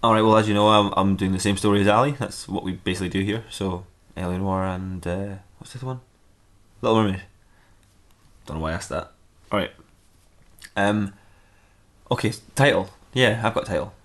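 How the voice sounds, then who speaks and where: A man's voice: low voice, steady tone, a little fast, long pauses, fairly bright tone. A man casually reading and ad-libbing a comic fan-fiction story, rambling and laughing at his own jokes.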